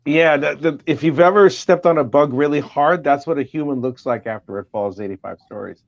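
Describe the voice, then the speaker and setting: Halting man, dull lo-fi audio. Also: a little high, vocal fry. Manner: halting, with many restarts. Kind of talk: casual chat, recounting a memory.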